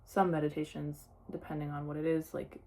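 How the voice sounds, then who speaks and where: Low, mellow-voiced woman chatting casually. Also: level tone, fairly quick, slight background noise. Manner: chatty, lots of "like" fillers. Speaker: vlogger. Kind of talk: casual personal vlog.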